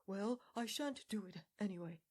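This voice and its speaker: A woman doing a boastful, excitable young toad. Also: mid-range voice, moderate pace, breathy edge, pitched above the performer's own voice, lightly acted. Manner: airy, excitable, self-pitying.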